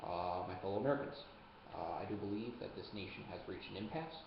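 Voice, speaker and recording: A solemn president delivering a halting address, as a young man puts him on, low and hushed. The delivery is slow and measured. The webcam audio sounds roomy and dull. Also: creaky, noisy background.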